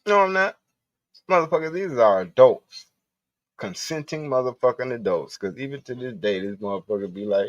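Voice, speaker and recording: A man's voice: mid-range voice, lively intonation, normal speed, no room sound. Guy on his livestream swearing and laughing thru stories, kinda muffled lo-fi mic. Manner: profane, laughing, loose storytelling. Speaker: livestream host. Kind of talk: casual storytelling.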